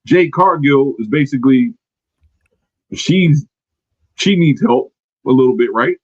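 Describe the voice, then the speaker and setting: A man hosting a wrestling podcast in casual chat, animated and laughing often. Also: mid-range voice, a little slow, dry recording, muffled recording. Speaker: podcast host.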